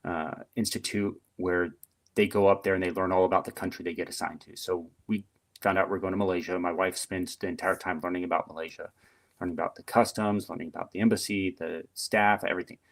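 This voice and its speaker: A middle-aged man, a retired Marine guest on a podcast, telling stories in a chatty, animated way with lots of fillers. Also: sits low, brisk. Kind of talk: casual storytelling interview.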